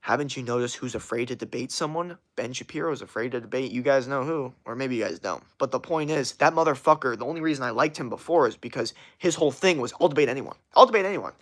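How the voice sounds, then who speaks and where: Blunt, profane young man ranting. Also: medium pitch. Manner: blunt, profane, talks fast in bursts and repeats himself. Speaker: livestream host answering chat. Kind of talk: casual unfiltered rant.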